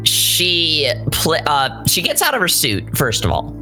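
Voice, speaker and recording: A woman with a very low, lively voice narrates her character's moves in a tabletop game. She pauses often on fillers, with faint music under her. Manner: halting, filler-heavy narration. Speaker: player.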